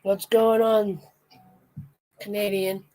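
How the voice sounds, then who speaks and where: A woman's voice: medium pitch, little pitch movement, slow, mellow, low-quality recording. A woman livestreaming, chatting casually with viewers and rambling through sing-song rhyming greetings.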